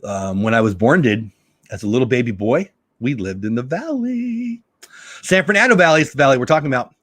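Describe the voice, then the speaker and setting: A middle-aged man talks through a casual live stream in an animated, chatty way, his voice at an everyday middle pitch. He has a slight sore throat. The sound is dry and close, with no room around it. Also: fast talker, dry recording. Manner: animated, chatty, reads chat aloud. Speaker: live show host.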